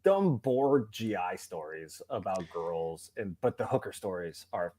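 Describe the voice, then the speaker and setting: A man with a fairly low voice tells stories as a podcast guest. His talk is loose and full of swearing. He keeps slipping into quick impressions of the people in his anecdotes. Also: sing-song, dark tone. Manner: profane, rambling anecdotes with acted quotes. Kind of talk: casual storytelling.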